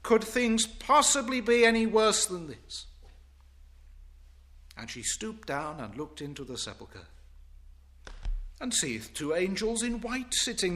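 A male preacher delivering a sermon, swinging from loud declaiming to hushed reverence. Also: high-pitched.

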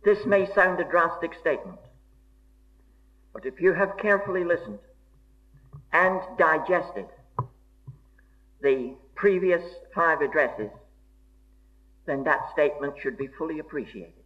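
A man preaching a sermon in a slow, deliberate and emphatic way, with formal old-fashioned diction. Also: on the high side, animated. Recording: dull lo-fi recording.

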